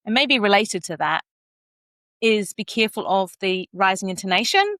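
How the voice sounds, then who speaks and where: Animated woman vocal coach, dry sound. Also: normal speed, no echo. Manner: animated, demonstrates pitch and phrases aloud, laughs often. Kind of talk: conversational coaching advice.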